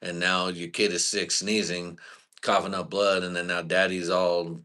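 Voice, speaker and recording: Deep-voiced man on a profane rant. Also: level tone, normal speed, pushed and bright. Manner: profane, rambling, trailing into "you know?". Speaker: host. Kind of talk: live-stream comedy rant.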